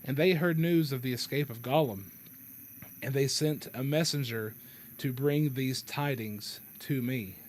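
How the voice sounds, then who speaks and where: A male podcast host reads a novel aloud at an ordinary middle pitch. He stops often to correct himself and chuckles as he goes. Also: slight background noise. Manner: halting, self-correcting reading with chuckles. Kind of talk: reading a novel aloud with commentary.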